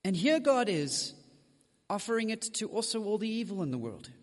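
A male preacher with a high, lively voice that swings up and down as he speaks straight to his congregation. His sermon rings out through a church hall with a long, trailing reverb. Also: moderate pace. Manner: direct, addresses the congregation with asides.

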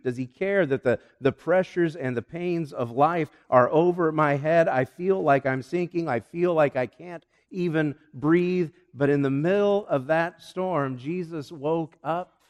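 A man preaching a sermon as a pastor, with animated delivery that swings from loud calls to hushed lines. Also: a little high, a little slow, hardly any pauses. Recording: long hall reverb.

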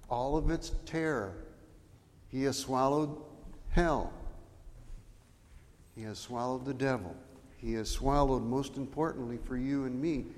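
A man preaching a chapel sermon as pastor, slow and deliberate, with sudden loud outbursts when he quotes scripture. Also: medium pitch, a little hiss or hum. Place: church chapel. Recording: long reverb of a chapel.

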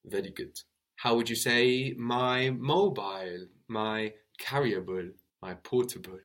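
A man's voice: medium pitch, slow, a bit bright. A man teaching a spoken language lesson, explaining patiently, spelling out words and checking in with a questioning "no?".

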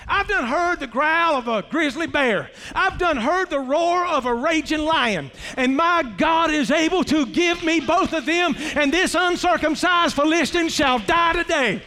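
Man doing a fearless young shepherd, fired up and folksy, high bright voice, big hall echo. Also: measured pace, few pauses, heavily acted. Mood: defiant. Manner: impassioned, defiant, folksy. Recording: reverberant hall.

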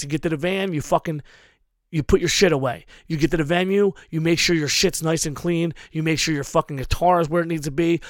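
With a voice on the high side, a fortysomething man who books hardcore shows delivers an emphatic, expletive-heavy advice rant that drives every point home. The recording is dry and studio quality.

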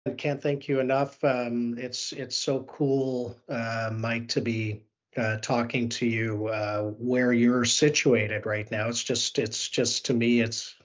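A man's voice: mid-range voice, flat delivery, dull audio. A man in his fifties from South Africa with a Canadian accent, hosting a podcast interview and talking eagerly with many restarts. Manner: eager, halting, full of restarts. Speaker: podcast host. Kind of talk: podcast interview over a video call.

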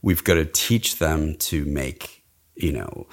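Very deep-voiced man, rambling and enthusiastic. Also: slow pace. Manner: enthusiastic, rambling, demonstrates sounds. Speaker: accent and dialect coach. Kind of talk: casual interview chat.

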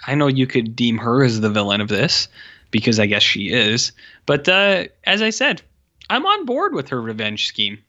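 Man, casual film podcast host, lively swinging pitch, bright tone, profane, dull lo-fi audio. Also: moderate pace. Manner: animated, profane, acts out characters' lines. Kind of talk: casual film review chat.

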